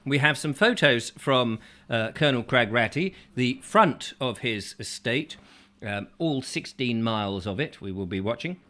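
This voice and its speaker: A man's voice: medium pitch, lively intonation, a little slow, bright, forceful tone. A man hosting a chatty live show, reading out viewer comments with playful, rambling asides. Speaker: host.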